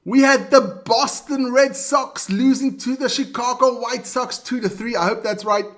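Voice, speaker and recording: A man's voice: very high voice, unhurried, a bit bright. A man co-hosting a casual live sports roundup, reading scores with chatty asides while his voice wears out. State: voice wearing out. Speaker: sports show co-host.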